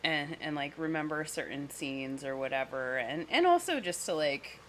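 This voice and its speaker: A woman's voice: low-pitched, animated, normal speed, a little hiss or hum. A woman co-hosting a casual movie review chat, giggly and hesitant with lots of fillers. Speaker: podcast co-host.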